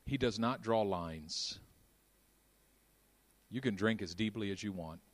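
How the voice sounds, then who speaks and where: A man preaching a sermon, moving between quiet intimate passages and loud, fervent stretches. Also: fairly low pitch, measured pace. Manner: dynamic, swings from hushed to shouting.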